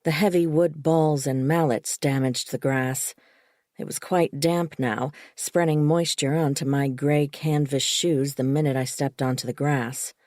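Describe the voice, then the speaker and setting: A woman reading a first-person psychological thriller audiobook in a steady, measured way. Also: low-pitched, no room sound, studio quality. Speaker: audiobook narrator. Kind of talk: first-person scripted narration.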